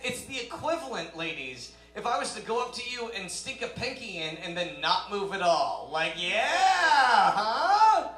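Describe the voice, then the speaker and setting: A male stand-up comedian with a high, bright, forceful voice rambles through a loose, self-deprecating set. He talks into a handheld mic on a club stage, and the room's echo rings around him. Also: sing-song, moderate pace, few pauses. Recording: roomy live club sound.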